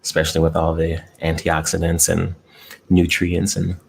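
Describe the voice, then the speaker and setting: A man's voice: deep voice, completely flat delivery, moderate pace, gravelly, slight background noise. A man hosting a casual eating live stream from home, laid-back, greeting chat viewers and chuckling often. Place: room at home with air conditioning. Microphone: desk mic close up.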